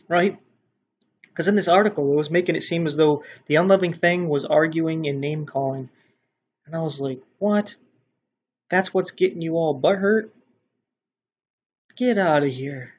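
Blunt, husky-voiced man preaching casually. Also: a little high. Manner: blunt, informal, with mild swearing; grows louder and more animated when making a point. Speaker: online Christian commentator. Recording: dull lo-fi sound.

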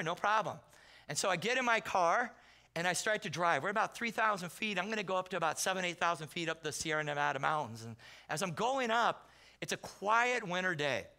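A high-pitched, gravelly male voice fills a church sanctuary, where he is a visiting pastor preaching through stories. He keeps things animated and comic, imitating the voices of the people he quotes.

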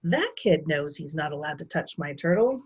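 A woman teacher reading a children's novel aloud in an expressive storytelling manner. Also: low voice, normal speed, slightly rough, dull audio.

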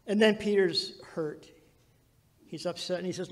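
A man preaching a sermon as pastor, telling the story dramatically and swinging between loud and hushed passages. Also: high voice, steady tone, unhurried, long pauses, long reverb tail.

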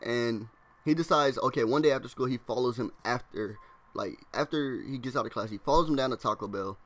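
A young man casually telling a story to his vlog audience. He rambles in slang, fills his speech with "like", and acts out classmates' lines in quick impressions. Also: medium pitch, fairly bright tone.

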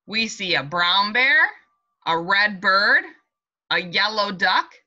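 Teacher woman, young adult, slow sing-song read-aloud for little kids, bright clear tone, slightly dull home-video sound. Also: mid-range voice, lively intonation. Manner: sing-song, warm and encouraging, speaking slowly and clearly to small children. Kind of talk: reading a picture book and leading a class meeting for young children.

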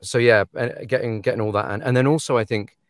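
A man's voice: medium pitch, quick pace, no room sound. A man, an audiobook narrator, chatting casually and laughing often. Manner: animated, laughing, acts out quoted authors. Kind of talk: casual podcast chat.

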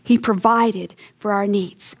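A woman's voice: mid-range voice, fairly even intonation, takes it slowly. A woman giving a radio Bible teaching, earnest and emphatic, leaning into key words.

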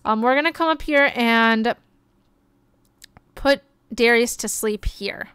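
A young woman streaming a life-simulation game, chatting excitedly and gushing over the characters as she plays. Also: a little high, takes it slowly, clean tone, dry recording. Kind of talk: life-sim gameplay commentary.

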